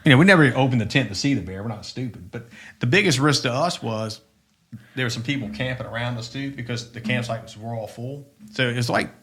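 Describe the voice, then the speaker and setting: Middle-aged male co-host, swearing storyteller who restarts his sentences a lot, average pitch. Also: a bit bright. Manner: rambling, profane, frequent restarts. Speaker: podcast co-host. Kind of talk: casual storytelling chat.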